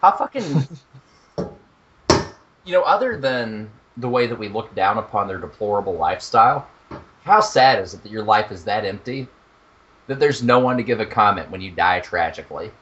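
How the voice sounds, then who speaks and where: A young man co-hosting a podcast in casual chat, animated and profane, laughing at his own jokes. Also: fairly low pitch, moderate pace, highs cut off. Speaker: podcast co-host.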